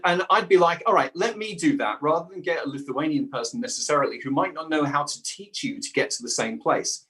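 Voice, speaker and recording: Animated man with a fairly high voice. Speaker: guest, dialect coach and voice actor. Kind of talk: casual conversation.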